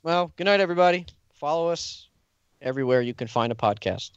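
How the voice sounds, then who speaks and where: A man's voice: on the high side, expressive, a little fast, smooth, no room sound, muffled recording. A man hosting a casual comedy podcast, laughing often and swearing freely in loose banter. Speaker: podcast host.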